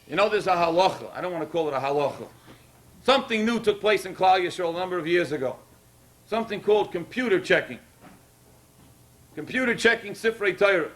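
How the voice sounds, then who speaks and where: Man, sermon, emotional, emphatic, fairly high voice. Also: animated, a little fast, pauses often, fairly bright tone. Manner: emotional, rising to emphatic peaks. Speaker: rabbi speaking at a Torah dedication.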